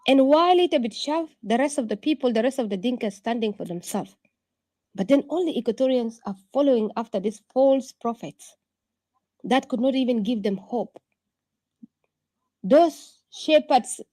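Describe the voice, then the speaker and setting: A woman's voice: fairly high pitch, mellow, no echo. A woman giving an urgent political speech to an online room, full of rhetorical questions and repetition. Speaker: political activist addressing an online audience.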